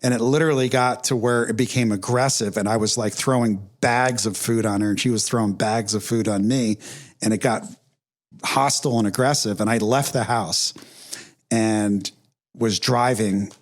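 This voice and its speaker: A man's voice: lowish voice, steady tone, moderate pace. Candid middle-aged man telling a story. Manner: candid, emotional storytelling with fillers. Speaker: podcast host. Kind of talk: casual conversation.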